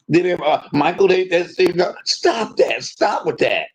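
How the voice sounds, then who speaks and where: A man hosting a livestream, venting in an aggrieved rant that swings between loud outbursts and low muttering. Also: expressive, normal speed, few pauses, husky. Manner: swears freely, talks straight to viewers. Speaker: livestream host.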